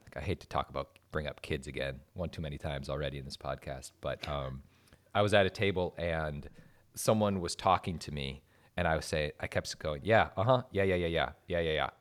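A man's voice: rumbling low, steady tone, a little fast. A young man co-hosting a podcast, telling anecdotes casually, swearing freely and laughing at himself. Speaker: podcast co-host.

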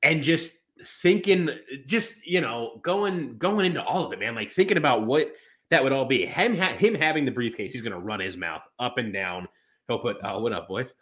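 A man's voice: medium pitch, lively intonation, moderate pace, a bit bright. A man co-hosting a casual wrestling podcast, rambling with lots of fillers and restarts. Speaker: podcast co-host.

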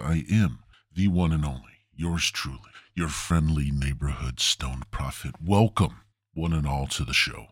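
A man's voice: on the low side, a bit bright, no echo, studio quality. Profane, rambling male podcast host. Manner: profane, rambling, mock-grandiose. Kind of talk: crude comedic podcast monologue.

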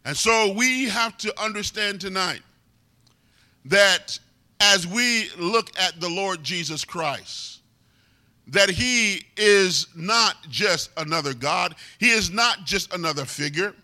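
Male preacher, high-pitched and piercing, emphatic sermon delivery. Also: expressive, bright, forceful tone. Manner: emphatic, drawn-out repetition of key words.

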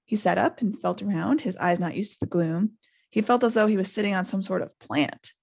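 A woman hosting a podcast, reading a novel aloud in a lively way. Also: medium pitch, brisk, creaky, husky. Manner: lively, laughs often. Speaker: podcast host.

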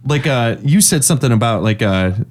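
A man co-hosting a podcast, telling a story in animated casual chat with some swearing. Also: medium pitch, normal speed. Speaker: podcast co-host.

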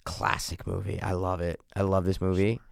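A man's voice: low-pitched, completely flat delivery, normal speed, vocal fry, no room sound, clean studio sound. A young man co-hosting a podcast in casual chat, playing a movie guessing game and talking in a profane, insistent way. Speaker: podcast co-host.

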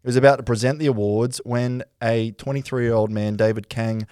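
A man's voice: medium pitch, steady tone, a little fast, darkish tone, no room sound, clean studio sound. A man hosting a casual podcast chat, telling local history with swearing and laughter. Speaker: podcast host.

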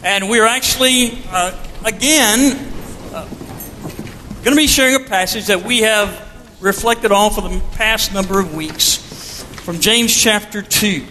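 A man delivers a sermon in a high voice and a slow, deliberate pace. He tells his stories in a measured preacher's manner. His words ring out with a long reverb in the church sanctuary. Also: bright, forceful tone, a little hiss or hum. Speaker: pastor.

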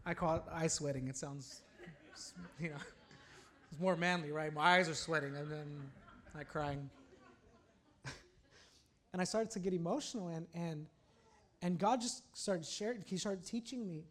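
A man in his thirties, a pastor, preaching a sermon that moves between fervent declarations and chatty, halting storytelling. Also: on the high side, fairly bright tone.

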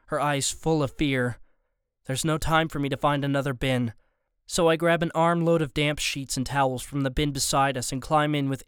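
A man narrating a first-person story as an audiobook narrator, steady and even. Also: on the high side, smooth, dry recording, clean studio sound.

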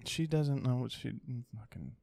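A man's voice: mid-range voice, sing-song, normal speed, vocal fry, warm tone. A young man co-hosting a casual podcast, teasing and joking, laughing often. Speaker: podcast co-host. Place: home room.

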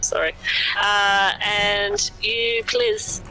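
Female tabletop player, bright and unhurried, apologetic, music under. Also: mid-range voice, little pitch movement, rough recording. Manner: apologetic, giggly. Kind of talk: tabletop game play.

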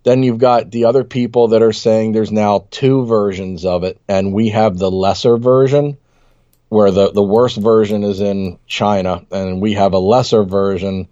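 A man co-hosting a casual podcast, telling jokey stories and quoting people in animated voices. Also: fairly low pitch, moderate pace, no room sound, dull audio. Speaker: podcast co-host. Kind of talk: casual chat.

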